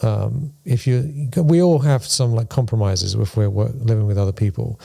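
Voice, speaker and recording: A man's voice: medium pitch, normal speed, creaky, mellow. A man co-hosting a spiritual discussion podcast, talking things through thoughtfully and using playful examples. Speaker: podcast co-host.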